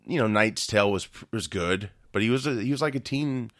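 A young man with a fairly low voice chats casually as a podcast co-host. He laughs easily and gets lively when he jokes. The sound is dry and close to the mic. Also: a little fast, no echo. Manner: laughs often, animated when joking. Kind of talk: casual chat.

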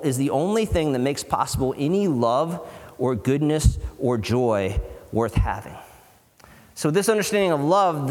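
A man preaching a sermon as pastor, earnest and conversational, with dramatic pauses and acted-out quotes. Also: fairly high pitch. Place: church hall. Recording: long hall reverb.

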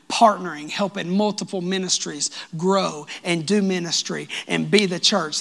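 A man preaching a sermon as pastor of his church, lively and joking with the congregation. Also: high voice, unhurried, gravelly, few pauses. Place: church sanctuary.

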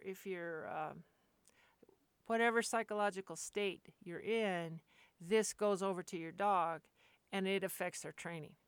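A woman dog trainer talks at length in a loose, earnest monologue, circling back and restarting her thoughts. Her voice is smooth and clear, recorded close and dry with no room sound. Her pitch sits at an ordinary middle height. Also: no room sound. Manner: rambling, earnest, with frequent restarts. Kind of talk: casual monologue.

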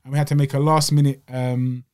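A young man co-hosting a podcast, telling stories in casual slang and getting louder as he gets riled up. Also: medium pitch, a little fast. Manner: animated storytelling with slang, voices rising when riled. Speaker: podcast co-host. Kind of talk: casual chat. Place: small home studio.

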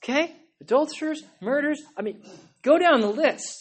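Impassioned woman preacher yelling a sermon. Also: sits high, expressive, moderate pace. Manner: conversational, with frequent "like" and "okay?". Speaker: pastor. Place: church.

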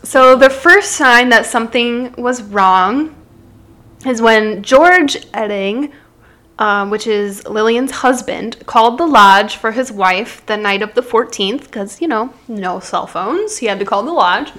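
A woman from Illinois with a fairly high voice co-hosts a casual true-crime podcast. She narrates the case in a chatty, easygoing way, breaking into laughter often. Her delivery stays conversational rather than formal. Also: slow, fairly bright tone. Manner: storytelling, chatty, laughs easily. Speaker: podcast co-host.

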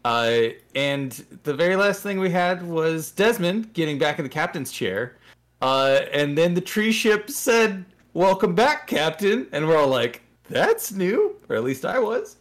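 A man's voice: fairly high pitch, animated, a little slow, fairly bright tone. A man playing in a tabletop role-playing game, casually recapping events with lots of "uh" fillers. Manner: rambling, filler-heavy with many "uh"s. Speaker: player.

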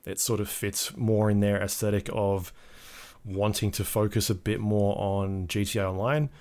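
A man co-hosting a podcast, chatting casually about game news with a relaxed, hesitant delivery and plenty of ums. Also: on the low side, normal speed. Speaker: podcast co-host. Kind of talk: casual gaming news chat.

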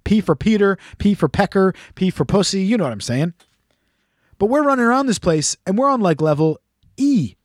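A man's voice: high-pitched, lively intonation, moderate pace, dry recording, clean studio sound. A man hosting a casual chat, telling a rambling, profane, jokey story. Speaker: podcast host.

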